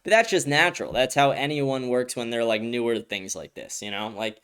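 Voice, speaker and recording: A man's voice: medium pitch, fairly quick, fairly bright tone, clear, resonant tone. A man hosting a casual livestream news show, reacting to chat with blunt, profane, filler-heavy talk and frequent restarts. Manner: ranting, talks in restarts.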